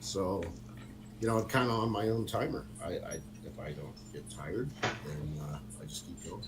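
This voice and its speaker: A middle-aged man spins a rambling story full of fillers and laughs. His pitch moves a lot. The call audio carries steady noise. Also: moderate pace. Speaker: guest on a motorcycle talk stream. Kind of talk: casual storytelling chat.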